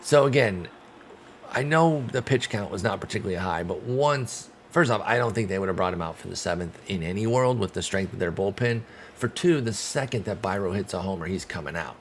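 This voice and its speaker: Gaming streamer, male, deep voice; relaxed play-by-play that flips into exasperated outbursts. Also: brisk, slight background noise. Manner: animated, swings from calm calls to loud outbursts and groans. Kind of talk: casual play-by-play of a baseball sim.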